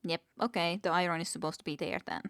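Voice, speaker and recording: A woman's voice: lowish voice, sing-song, fast talker, gravelly, fairly bright tone, a little hiss or hum. A woman streaming a game, musing aloud, reading the game text and chuckling often in casual commentary. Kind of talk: casual let's-play commentary.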